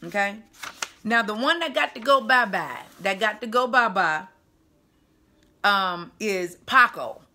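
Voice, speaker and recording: A woman's voice: medium pitch, pushed and bright. A woman dating coach giving casual video commentary in an emphatic, chatty way with punchy asides.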